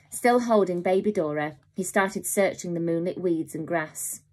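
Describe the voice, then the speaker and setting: A woman teacher reading a children's novel aloud in a calm, steady way. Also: fairly low pitch, a little slow, hardly any pauses. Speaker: primary school teacher.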